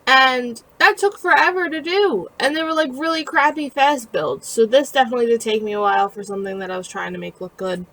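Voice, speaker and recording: Chatty, rambling woman with a higher voice. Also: brisk, few pauses, a bit bright, low-quality recording. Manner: rambling, chatty, self-deprecating, with frequent fillers. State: tired and yawning. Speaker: gaming video creator narrating her build. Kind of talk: casual voice-over narration.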